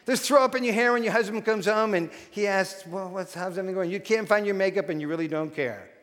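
A man's voice: high voice, a little fast, fairly bright tone. A man preaching a sermon as a pastor, telling stories animatedly with frequent restarts. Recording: long hall reverb.

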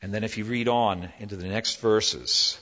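Husky-voiced preacher in a reverberant hall. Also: male voice, on the low side, normal speed. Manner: animated preaching, shifting from loud emphasis to hushed. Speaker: pastor. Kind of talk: sermon. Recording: dull lo-fi with long hall reverb.

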